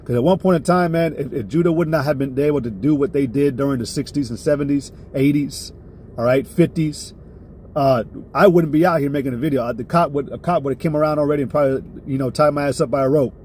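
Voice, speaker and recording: A man with a fairly high voice gives a live-streamed religious lesson that keeps boiling over into profane outbursts. He flares up, then pulls himself back and keeps prodding listeners with "all right?". Faint vehicle noise hums behind him. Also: quick pace, darkish tone. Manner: heated, profane preaching with frequent "all right?" check-ins. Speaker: religious teacher.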